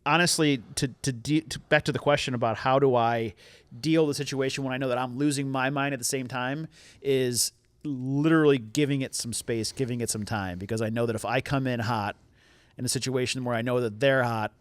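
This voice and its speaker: A man's voice: mid-range voice, steady tone, a little fast, clean tone, dry recording. A middle-aged man co-hosting a podcast, telling a family story in a candid, self-deprecating way and swearing freely. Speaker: podcast co-host. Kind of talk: casual storytelling chat.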